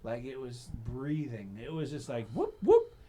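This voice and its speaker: A man hosting a relaxed podcast, spinning stories in a loose, profane way. His level jumps around, from low mutters up to sudden loud bursts, and he talks at an everyday middle pitch. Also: normal speed, slight background noise. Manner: profane, animated storyteller, swings between mumbles and loud bursts. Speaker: podcast host. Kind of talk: casual chat.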